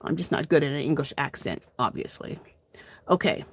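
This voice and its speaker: A woman's voice: low-pitched, expressive, normal speed, slight background noise. A woman hosting a casual live art journaling tutorial, chatting to viewers as she works. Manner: chatty, addresses viewers as "you guys".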